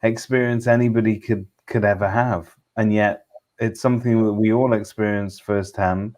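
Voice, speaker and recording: A man co-hosting a reflective discussion, speaking in a measured, thoughtful way with small hesitations. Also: fairly low pitch, steady tone, darkish tone.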